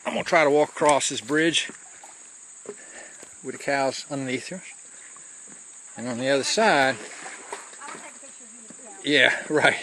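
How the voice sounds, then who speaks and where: His voice sits at medium pitch, bright and forceful, unhurried with long pauses, over slight background noise. He's a hiker leading viewers up a mountain trail with a handheld camera, talking casually and restarting his phrases.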